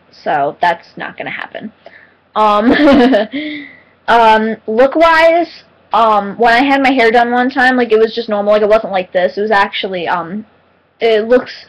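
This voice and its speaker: A teenage girl answering viewer questions in a casual vlog, chatty and giggly with lots of ums and excitable retellings. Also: mid-range voice, low-quality recording. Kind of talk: casual chat.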